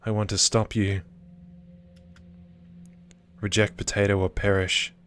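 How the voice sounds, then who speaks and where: A man's voice: lowish voice, little pitch movement, unhurried, fairly bright tone, slight background noise. A man reading a threatening witch. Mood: menacing. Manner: cold and threatening. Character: vengeful female witch, threatening.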